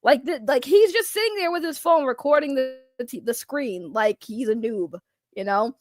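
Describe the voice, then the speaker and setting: A woman's voice: high voice, normal speed. A woman streamer talking on a casual reaction livestream, reading chat and rambling through loose trash talk that breaks into laughter.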